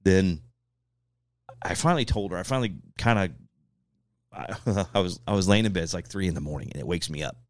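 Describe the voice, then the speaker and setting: A man's voice: sits low, fast, dry recording. A middle-aged man, telling a personal story as a podcast guest and acting out what others said. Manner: animated, acts out what others said. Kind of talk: casual storytelling.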